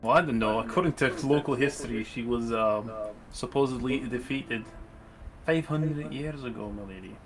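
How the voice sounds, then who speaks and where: A man playing a polite, hesitant male adventurer who speaks in a halting, tactful, stammering way. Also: mid-range voice, lightly acted. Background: background music.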